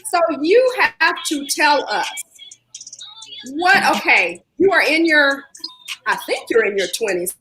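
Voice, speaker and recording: A woman hosting a live online talk show over a video call, chatting warmly and encouraging her guest. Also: high voice, big pitch swings, slow pace, low-quality recording. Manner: warm churchy encouragement, says y'all often. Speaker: host.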